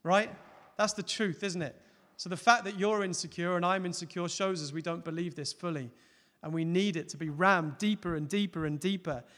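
Preacher guy giving a sermon, earnest, gets loud then goes soft, voice on the high side, lots of hall echo. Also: normal speed, few pauses. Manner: earnest, builds to loud emphatic peaks then drops soft. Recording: long hall reverb.

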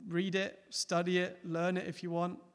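A man preaching a sermon, earnest, rising to loud emphatic peaks and dropping to soft, close appeals. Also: high-pitched, completely flat delivery, moderate pace. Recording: long hall reverb.

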